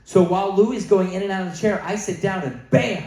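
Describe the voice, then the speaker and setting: A man's voice: high-pitched, fairly quick, a little mellow. A man with a Canadian accent doing a stand-up comedy set, telling a long story and acting out text messages in different voices. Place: comedy venue with audience. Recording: echoey room.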